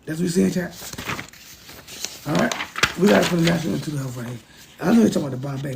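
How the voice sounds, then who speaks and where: A man's voice: on the high side, rapid-fire, gravelly, long pauses, background noise. A man hosting a casual livestream, talking to his chat in an emphatic, repetitive way. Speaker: livestream host.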